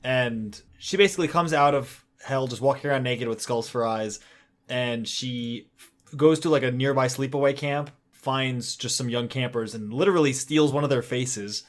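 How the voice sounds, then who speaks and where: A man's voice: mid-range voice, moderate pace. Matter-of-fact male podcast co-host. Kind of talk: casual recap.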